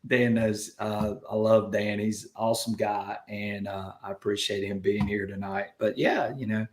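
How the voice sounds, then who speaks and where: A man's voice: fairly low pitch, flat delivery, moderate pace, echoey room. A man with a Southern US accent hosting a casual live chat, folksy and upbeat as he reads out viewer comments. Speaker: livestream host.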